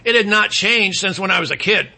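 A man from Michigan hosting a talk show, rambling and sarcastic, clearing his throat now and then between political rants and ad reads. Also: sits high, brisk, bright, forceful tone. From Michigan, USA.

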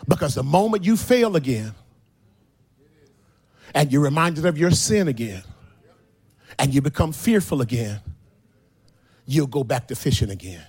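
A man preaching a sermon, retelling the story dramatically, swinging from quiet asides to shouted, sung lines. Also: medium pitch, expressive, a little slow, long pauses, slightly rough.

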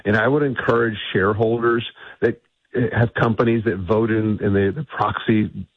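A man's voice: on the low side, steady tone, moderate pace, breathy edge, dry recording. A man being interviewed as a guest on a radio show, arguing his policy points assertively. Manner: assertive, advocacy talking points. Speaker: energy think-tank CEO guest. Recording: tinny phone line.

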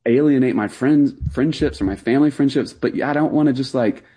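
Man, pastor, interview guest, husky, mellow, earnest. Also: medium pitch, brisk. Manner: earnest, lively explaining with fillers.

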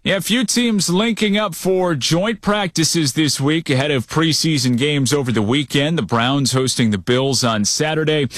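A man hosting a sports news show, reading scripted updates at a brisk, upbeat clip. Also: on the high side, fairly bright tone, no room sound, clean studio sound.

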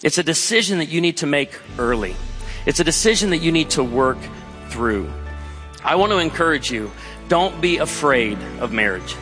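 A pastor delivers a sermon with a bright, forceful, slightly higher voice. He moves between brisk storytelling asides and slow, weighty lines. His voice rings with the long reverb of a large hall. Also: animated, soft background music. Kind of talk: sermon with personal stories. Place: large hall before an audience.

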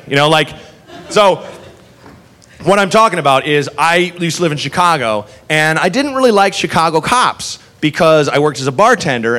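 A man doing stand-up, telling a rambling, profane story in an animated way. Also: a little high. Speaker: stand-up comedian.

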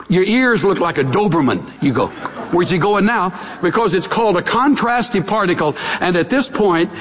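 Middle-aged preacher guy, chatty and lively, long echo in a big hall. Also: sits high. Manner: chatty, storytelling, folksy asides. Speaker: pastor. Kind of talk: sermon.

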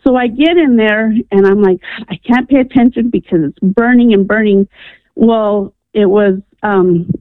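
A woman from New Mexico calls in to a radio show and tells a personal story in an earnest, animated way, acting out the voices in it. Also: medium pitch, a little slow, dry recording. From New Mexico, USA. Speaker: caller. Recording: tinny phone line.

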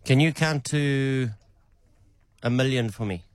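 A man's voice: medium pitch, slow, dry recording. A man casually testing an AI phone agent, asking playful questions in a teasing, off-hand, amused way.

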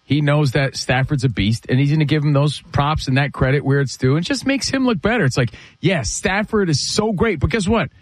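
A man's voice: a little high, animated, brisk, hardly any pauses, dry recording. A man co-hosting a casual sports talk show, teasing his co-host and making emphatic points.

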